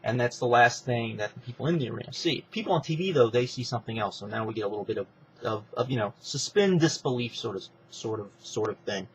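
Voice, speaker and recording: A man's voice: medium pitch, quick pace, slight background noise, low-quality recording. Man casually retelling a wrestling storyline. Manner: animated retelling, acting out each character. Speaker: wrestling fan pitching a storyline.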